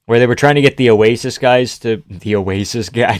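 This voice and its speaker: A man hosting a live fight reaction stream, chatting casually with viewers, reading chat and cursing as he yells at the action. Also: mid-range voice, moderate pace. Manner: swears freely, yells at the fight; reads and answers chat. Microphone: desk mic, gain adjusted live.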